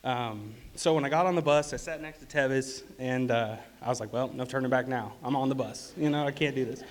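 A man giving a personal testimony in church, earnest and halting, with fillers and restarts. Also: mid-range voice.

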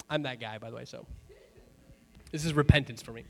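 A man preaching a sermon to his congregation, talking to the room in a lively, conversational way, with joking asides and rhetorical questions. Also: mid-range voice, a little fast, creaky. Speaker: pastor. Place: church before a congregation.

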